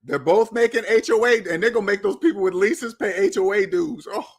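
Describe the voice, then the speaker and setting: A man's voice: sits high, a little fast, slightly rough. A man giving blunt, lecturing commentary on money and debt, often repeating himself. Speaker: finance commentator. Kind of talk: opinionated video commentary.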